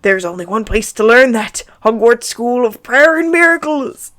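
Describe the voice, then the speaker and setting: A woman's voice: fairly high pitch, animated, moderate pace, pitched above the performer's own voice. A woman voicing a kind, preachy giant man with a put-on accent in a fanfic reading. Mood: beaming. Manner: loud, beaming, put-on accent.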